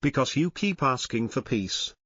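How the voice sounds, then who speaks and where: Male motivational narrator, commanding and dramatic, lively pitch swings, dull dry recording. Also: slightly rough, no room sound. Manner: intense, commanding, dramatic pauses.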